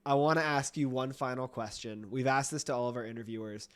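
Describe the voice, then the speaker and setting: A man's voice: medium pitch, fairly quick, a bit bright, clear, resonant tone. A man hosting a casual podcast interview, talking in an enthusiastic, slangy way. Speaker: host. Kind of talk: casual chat.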